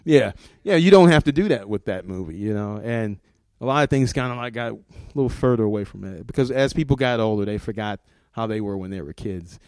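Middle-aged man, low voice, mellow tone, dry close sound, rambling casual talk, frequent laughs. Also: expressive, a little fast, hardly any pauses, no room sound. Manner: rambling, repeats words, laughs often. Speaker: comics art director.

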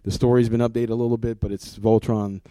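A man's voice: medium pitch, level tone, fast, warm tone, smooth, no room sound. A middle-aged man, a comics art director, talking casually in an interview, rambling and repeating words, laughing often.

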